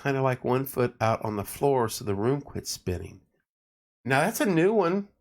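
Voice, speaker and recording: A man's voice: medium pitch, big pitch swings, moderate pace. A tired man hosting a casual late-night livestream, joking around and reading viewer comments aloud. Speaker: livestream host.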